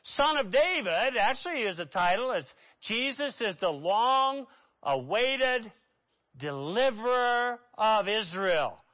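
Animated preacher with a lively, high voice. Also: male voice, slow. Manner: animated, dramatic shifts between loud and hushed. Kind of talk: sermon.

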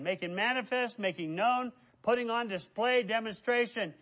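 A middle-aged man preaching a sermon, emphatic and loud on key words. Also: high voice, normal speed. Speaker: pastor.

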